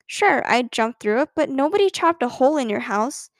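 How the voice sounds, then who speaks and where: A woman voicing a calm, matter-of-fact little boy from first grade in a storybook reading. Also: high voice, normal speed, no echo, clean studio sound. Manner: calm, flat, literal-minded.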